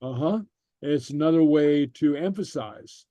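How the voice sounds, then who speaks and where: A man teaching a Gaelic class online, reading slowly and patiently with lots of fillers. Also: mid-range voice, darkish tone, no echo, muffled recording. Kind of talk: online language lesson.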